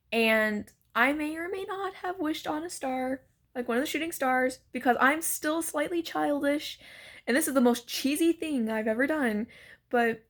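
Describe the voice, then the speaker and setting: A woman's voice: sits high, a bit bright. A woman telling a story to her vlog in a chatty, giggly way, full of "like" and "so basically," while she is sick. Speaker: vlogger.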